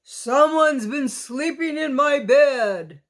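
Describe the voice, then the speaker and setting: A woman's voice: high voice, slow pace. Big papa bear, bellowing, indignant, storybook figure, read by a woman. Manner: loud bellowing delivery.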